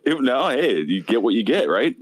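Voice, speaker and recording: A man co-hosting a podcast in casual chat, firing skeptical questions and quick reactions. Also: medium pitch, sing-song. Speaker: podcast co-host.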